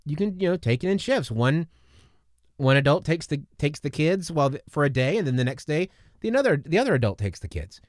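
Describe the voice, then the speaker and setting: An earnest man hosting a faith-based podcast in a loose, rambling chat, often restarting his sentences. His voice sits a little high and moves up and down a lot. The sound is dry and close to the mic. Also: sing-song, brisk, no room sound. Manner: earnest, rambling, frequent restarts and repeated words. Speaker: podcast host.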